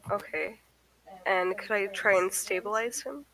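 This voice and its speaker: A woman's voice: medium pitch, fairly even intonation, a little slow, pushed and bright, rough recording. A woman playing a tabletop game, asking earnest questions in a casual way. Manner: inquisitive, earnest. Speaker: player.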